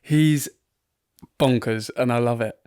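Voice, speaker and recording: A man's voice: medium pitch, slow pace, a little mellow, clean tone, no room sound, clean studio sound. A man from England co-hosting a football podcast, chatting casually and rambling with frequent laughs, recorded in his front room. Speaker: podcast co-host.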